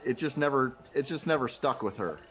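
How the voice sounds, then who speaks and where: A man's voice: mid-range voice, expressive, fairly quick, fairly bright tone. A man with an ordinary mid-range voice recalls his childhood at a loose, rambling pace. He keeps repeating words as he restarts his sentences. Faint music plays underneath. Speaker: podcast co-host. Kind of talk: casual chat.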